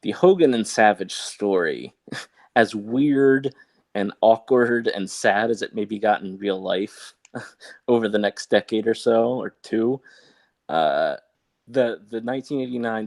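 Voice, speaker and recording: Deep voiced dude rambling on a podcast, wry little asides, dry close mic. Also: male voice, animated, a little slow, vocal fry, no echo. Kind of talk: casual chat.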